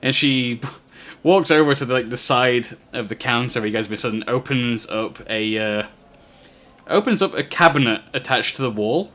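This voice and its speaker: A man's voice: medium pitch, normal speed, fairly bright tone. A man narrating a tabletop game as game master, telling the story with frequent fillers.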